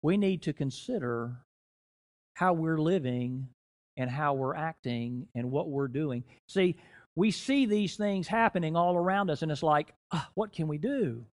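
Preaching man, loud and soft swings. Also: fairly high pitch. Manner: preaching with swings in loudness, slowing to stress key phrases. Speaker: guest preacher. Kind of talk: sermon. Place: church.

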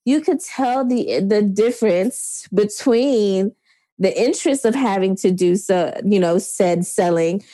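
A woman's voice: mid-range voice, measured pace, warm tone, no echo. A woman co-hosting a casual movie chat podcast, laughing often as she talks. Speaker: podcast co-host.

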